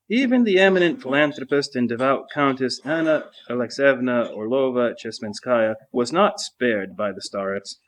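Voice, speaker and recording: Man, reader, saint's life, measured even reading, monastery refectory. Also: mid-range voice. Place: monastery refectory during a meal.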